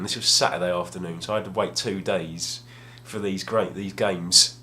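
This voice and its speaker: A man's voice: low-pitched, steady tone, a little slow, bright, forceful tone, a little hiss or hum. A young man telling a rambling, self-deprecating story at home, casual and full of restarts. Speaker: gaming vlogger. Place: home room, at a table.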